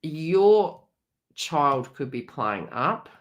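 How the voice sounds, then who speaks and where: A woman's voice: sits low, very animated, very slow. A middle-aged woman hosting a live psychic reading, talking in a chatty, blunt and frank way with some mild swearing. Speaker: psychic medium host.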